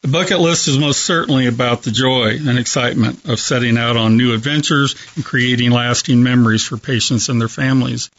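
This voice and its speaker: Man, hospice chaplain guest, earnest storyteller, mid-range voice, muffled lo-fi audio. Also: mid-range voice. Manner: gentle, earnest, measured storytelling. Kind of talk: storytelling in a talk show interview. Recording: dull lo-fi broadcast audio.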